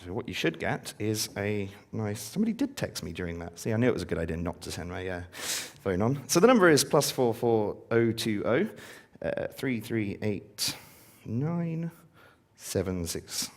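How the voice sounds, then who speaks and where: At a moderate pace, a man with a fairly low voice and big pitch swings delivers a laid-back live-coding talk at a conference. His speech is thick with ums and uhs, and he sounds upbeat whenever he engages the audience.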